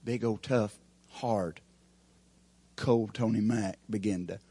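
A man preaching a sermon as pastor, with folksy grammar, swinging from shouted peaks to hushed, quiet lines. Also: fairly low pitch, fairly even intonation, takes it slowly, a little hiss or hum.

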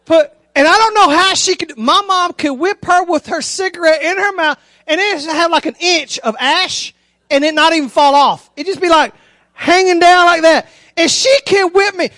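A preacher with a strikingly high voice, swept up in animated storytelling as he preaches. He keeps calling out to his listeners directly, and the sound is dry and close with no room echo. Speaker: pastor. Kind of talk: sermon.

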